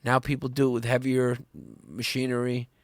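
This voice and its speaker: A man hosting a comedy history podcast, rambling and profane, swinging up and down in pitch as he talks. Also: completely flat delivery, moderate pace, dry recording, studio quality. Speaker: podcast host.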